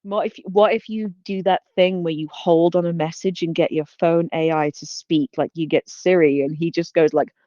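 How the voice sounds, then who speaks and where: A woman's voice: on the low side, steady tone, moderate pace, few pauses, warm tone, no echo, muffled recording. A woman co-hosting a casual online crypto talk stream, chatty and giggly, often trailing off with fillers. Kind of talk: casual chat.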